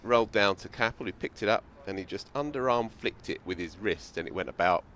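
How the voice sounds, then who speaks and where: Brief: lowish male commentator, storytelling manner, faint outdoor noise. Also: brisk, a bit bright. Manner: reflective, anecdotal storytelling. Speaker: cricket commentator. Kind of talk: cricket commentary.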